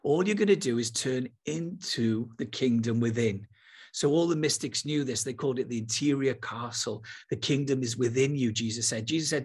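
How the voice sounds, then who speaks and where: A man teaching with enthusiasm, then slowing to a soft, unhurried pace to lead a guided meditation. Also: mid-range voice, breathy edge. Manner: enthusiastic, then slow and soft when guiding. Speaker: spiritual teacher.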